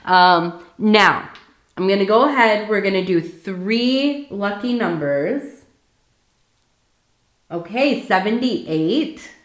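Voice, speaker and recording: Slow, chatty woman tea leaf reader. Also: medium pitch, animated, reverberant. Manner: chatty, many fillers and asides. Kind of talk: casual ASMR reading.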